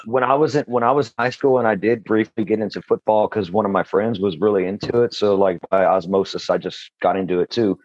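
A man's voice: lowish voice, quick pace, hardly any pauses, darkish tone, no room sound, highs cut off. A man talking casually on a podcast, laid-back, swearing and joking.

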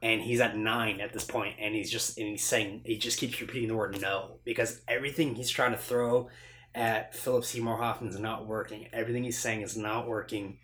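A man's voice: fairly low pitch, a little fast, a little hiss or hum. A man co-hosting a casual chat, retelling a movie scene in a loose, rambling way with lots of fillers. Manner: rambling, animated retelling with acted-out quotes. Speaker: podcast co-host.

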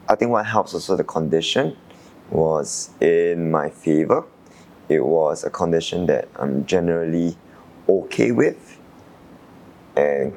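A young man from Singapore, an Olympic sailor, calmly recalling his qualifying race in an interview, thoughtful with frequent fillers. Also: low voice, creaky. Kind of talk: reflective interview answers.

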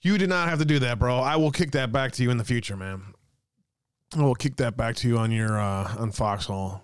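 A man hosting a live stream, chatting with viewers in a loose, joking way and laughing often. His voice is smooth and resonant. The sound is dry and close to the mic. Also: mid-range voice, a little fast, dry recording. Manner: chatty, reads chat aloud, laughs often. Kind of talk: casual live-stream chat.

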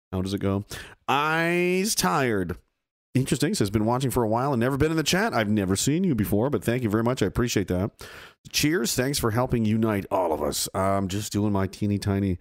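Guy streaming and reading chat out loud, swears a lot, voice jumps all over, dry close mic. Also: mid-range voice, brisk, no echo. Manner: animated, profane, swings from loud to mumbled. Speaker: livestream host reading chat. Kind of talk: casual livestream commentary.

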